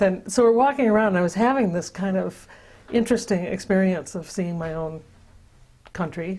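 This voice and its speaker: An older woman, founder of a sister-city project, recounts her memories in an oral history interview. Her voice is medium-pitched and a little mellow, and she tells her story with many restarts and fillers.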